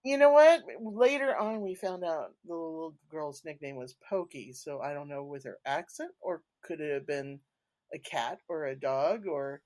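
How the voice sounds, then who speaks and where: A woman guest on a podcast, a paranormal investigator talking in a chatty, animated way and laughing between points. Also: deep voice, normal speed. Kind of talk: casual conversational storytelling.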